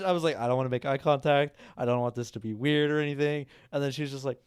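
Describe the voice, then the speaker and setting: A man's voice: mid-range voice, fast, few pauses, clean tone, no echo. A man co-hosting a podcast in casual chat, telling rambling, crude stories full of "like" and laughter. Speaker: podcast co-host.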